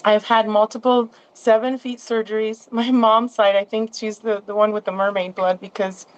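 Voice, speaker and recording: A woman's voice: mid-range voice, level tone, normal speed, clear, resonant tone, muffled recording. A woman as a guest in a casual interview, rambling along with many restarts and asides.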